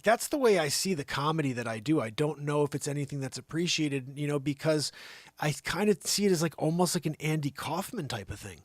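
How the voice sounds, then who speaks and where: A man hosting a show, doing an improvised comic monologue that swings from loud bursts to hushed asides. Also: fairly high pitch, no room sound. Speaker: comedy show host.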